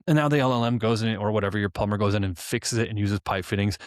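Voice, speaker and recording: Fast-talking low-voiced man telling a story. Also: no room sound, clean studio sound. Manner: storytelling, acting out both sides of the dialogue; informal, many "like" fillers and restarts. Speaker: podcast co-host. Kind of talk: casual podcast explanation.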